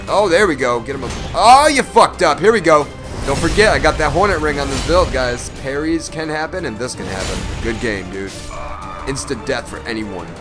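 Playing a game, a man narrates his own run with profane, excitable energy. He drifts between quiet mutters and sudden loud yelps.

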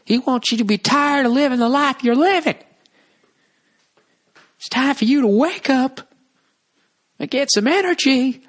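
A man playing a loud, profane male revival preacher who whips up his flock and demands money. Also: very high voice, unhurried, long pauses, pitched above the performer's own voice. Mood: preaching.

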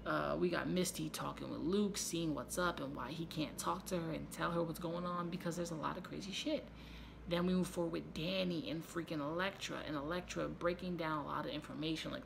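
A man hosting his own channel, giving a loose, profane and excitable spoiler recap with quick asides. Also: fairly high pitch, vocal fry, a little hiss or hum. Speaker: YouTube show reviewer.

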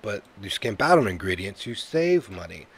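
A man's voice: lowish voice, sing-song, moderate pace, breathy edge. A man hosting a casual let's-play commentary of a video game, chatty and joking, with lots of "uh" fillers. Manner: jokey, chatty, many "uh" fillers. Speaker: gaming YouTuber.

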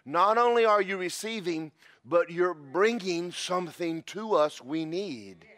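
A man preaching a sermon as pastor, animated and breaking into shouted praise. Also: sits high, a little slow.

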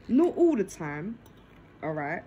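Woman vlogging on her phone in the living room, lowish voice, says "yeah?" constantly, eating while she talks. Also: big pitch swings, takes it slowly, warm tone, a little hiss or hum, poor audio. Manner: tags nearly every phrase with "yeah?". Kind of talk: casual chat to camera. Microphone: phone on her lap.

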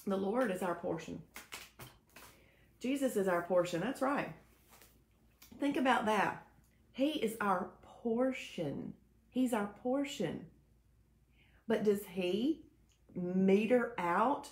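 A woman's voice: mid-range voice, a little mellow. A woman hosts a live show, cheerfully greeting viewers by name and mixing in devotional teaching. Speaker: host of a faith-based weight-loss live show. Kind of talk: casual live-stream chat, reading viewer comments. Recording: echoey room.

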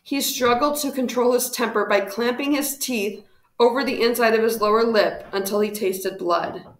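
A woman reading a historical storybook aloud in steady, measured narration. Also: fairly high pitch, reverberant.

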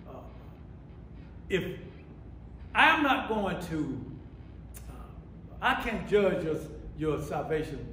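A man's voice: fairly high pitch, fairly bright tone. A male pastor preaching, his delivery rising and falling as he keeps calling out for the congregation to respond. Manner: rising and falling sermon cadence with repeated calls for response. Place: church sanctuary. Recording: echoey church sanctuary, faint room noise.

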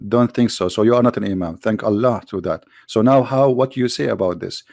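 A man with a gravelly, rough-edged voice hosts a heated call-in debate. He presses insistently, repeats his questions and cuts in, with a sarcastic edge. The sound is close and dry. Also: on the low side, brisk, darkish tone, no echo. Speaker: debate host.

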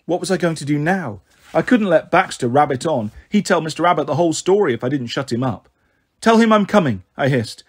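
Husky man reading a children's novel. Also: fairly high pitch, a little fast. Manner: steady first-person reading. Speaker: storyteller. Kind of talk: scripted narration of a children's novel.

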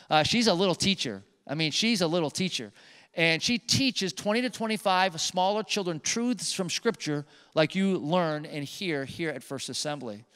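A man preaching a sermon as a pastor, telling a personal story in an animated way with emphatic repetitions. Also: high voice, clean tone. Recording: long hall reverb.

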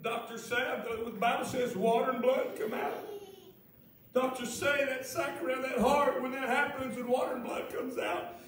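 A male pastor preaching a sermon with impassioned intensity, often shouting and repeating phrases. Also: very high voice, level tone, normal speed, slight background noise. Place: church sanctuary. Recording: echoey church from far off.

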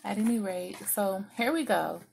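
A woman's voice: mid-range voice, normal speed, gravelly, a little mellow, slight background noise. A woman vlogger and small business owner, chatting casually to viewers as she unboxes packages and vents her frustration, cussing freely.

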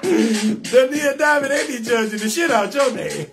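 A man hosting a live comedy stream, shouting out viewers and roasting their names in a loud, sing-song, laughing way. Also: very high voice, huge pitch swings, measured pace, creaky, music in the background.

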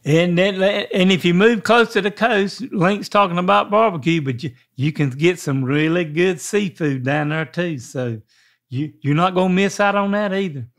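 A man's voice: high voice, normal speed. An older man with a thick Southern accent, hosting a podcast in folksy casual chat and repeating words as he thinks. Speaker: podcast host.

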